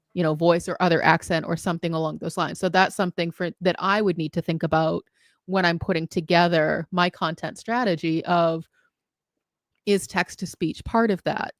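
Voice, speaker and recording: A woman's voice: fairly low pitch, no echo, clean studio sound. A woman co-hosting a casual chat, thinking aloud and asking thoughtful questions. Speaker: co-host.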